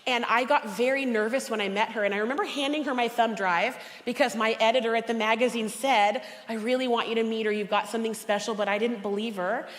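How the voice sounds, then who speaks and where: A woman speaker and cookbook author telling personal stories to a conference audience, lively and acting out the voices of people she quotes. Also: on the high side, fast, hardly any pauses. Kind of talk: personal motivational talk to an audience. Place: large conference hall. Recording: long reverb of a large hall.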